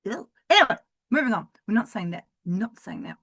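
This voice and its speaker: A woman hosting a solo wrestling review podcast, excitable and profane, swinging from loud bursts to low mutters, her voice going hoarse. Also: fairly quick, no room sound. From Southern Hemisphere. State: losing her voice. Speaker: podcast host.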